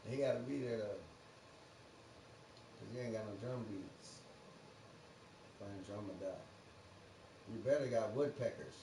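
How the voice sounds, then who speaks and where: This livestream host has a lowish, dark voice with vocal fry, speaking a little slowly and pausing often. He laughs a lot as he rambles through a profane, free-associating monologue, recorded far from the mic in a roomy space with faint noise behind him.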